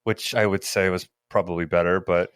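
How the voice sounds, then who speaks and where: A man co-hosting a podcast, telling an animated, rambling story in casual chat, swearing freely. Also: low voice, a little fast, clear, resonant tone, no echo, clean studio sound. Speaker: podcast co-host.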